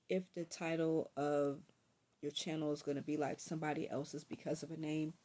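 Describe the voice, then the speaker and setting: A young woman vlogger talking casually to camera, giving tips in a chatty, relaxed way with frequent ums. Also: sits low.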